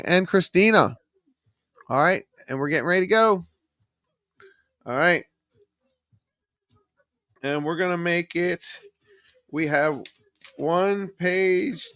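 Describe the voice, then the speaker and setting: Speaking into a studio microphone in his home studio, this man has a high-pitched, slightly bright voice with no echo. He runs a live trivia stream, reading out chat names and viewers' answers with lots of filler ums.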